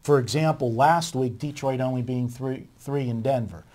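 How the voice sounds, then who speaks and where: A man's voice: medium pitch, moderate pace, darkish tone. A man, a guest sports handicapper, talking through his reasoning at length in a conversational way. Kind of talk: sports betting debate.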